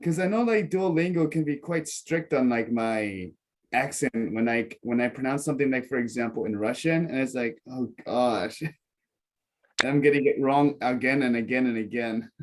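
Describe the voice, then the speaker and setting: A man's voice: mid-range voice, normal speed, slight background noise. A man joining an online session to chat casually, filling his speech with "like". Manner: chatty, fills speech with "like". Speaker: audience participant commenting. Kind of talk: casual conversational remark.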